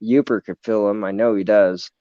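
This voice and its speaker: A man hosting a live reptile stream in relaxed, casual chat who says dude a lot. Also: fairly low pitch, moderate pace, a crowd in the background. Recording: dull, dry lo-fi stream audio.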